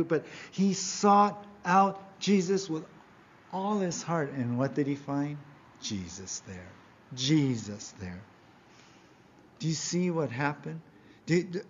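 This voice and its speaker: A man's voice: fairly high pitch, darkish tone, husky, highs cut off. A man preaching a sermon as pastor, earnest and emphatic, often asking his listeners questions.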